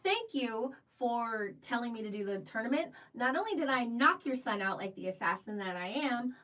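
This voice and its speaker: A woman's voice: a little high, expressive, moderate pace, a bit bright, far from the mic, rough recording. A woman co-hosting a casual live-stream show, telling stories in a chatty, giggly way. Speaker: co-host of a live cruise show.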